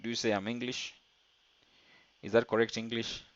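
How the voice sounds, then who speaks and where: A man's voice: mid-range voice, little pitch movement, moderate pace, no room sound, highs cut off. Man teaching French step by step. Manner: explains step by step, translating French phrases into English. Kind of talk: online language lesson.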